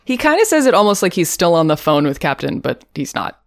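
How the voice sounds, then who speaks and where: A woman's voice: fairly low pitch, sing-song, fairly quick, gravelly, no echo. A woman co-hosting a podcast, recapping a TV episode in a chatty, jokey way with lots of fillers and laughter. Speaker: podcast co-host. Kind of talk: casual chat recapping a TV episode.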